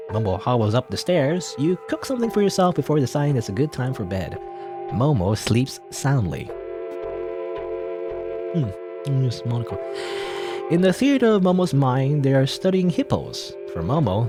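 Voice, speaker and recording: A man reads a game's text aloud for a let's play, breaking off for playful, laughing asides. His pitch swings lively as he goes, and music sits clearly under his voice.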